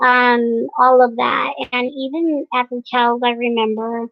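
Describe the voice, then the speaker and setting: A young woman vlogging casually to camera, hesitant and pausing often with fillers. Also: a little high, steady tone, vocal fry, no echo. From United States. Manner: hesitant, many fillers and pauses. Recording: dry, dull lo-fi sound.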